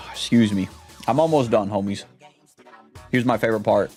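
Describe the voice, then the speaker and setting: A man's voice: lowish voice, moderate pace, darkish tone, soft background music. A young man chatting casually on a stream, rambling and trying out silly voices.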